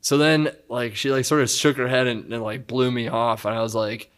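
Young guy telling a funny story, keeps cracking up, average pitch. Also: a little fast, clean tone. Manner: animated, laughs a lot while telling stories. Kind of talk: casual chat, storytelling.

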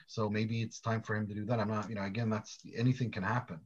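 A man's voice: lowish voice, little pitch movement, quick pace, highs cut off, slight background noise. A man, a football journalist guest, talking casually with lots of stammering restarts. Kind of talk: casual chat.

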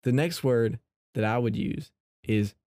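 A man's voice: mid-range voice, unhurried, dark tone, no echo. A man hosting a casual faith-based podcast, chatty and playfully teasing his listeners. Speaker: podcast host.

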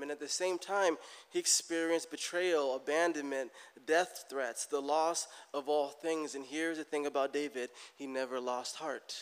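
A middle-aged man preaching a sermon in a church, animated and getting loud for emphasis, acting out people's prayers. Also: fairly high pitch, clear, resonant tone, big-room sound. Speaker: pastor.

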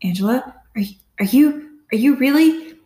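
A stunned father, choked with emotion, played by a woman narrator, stammering halting questions that climb high. A roomy echo surrounds the voice. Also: expressive, mellow.

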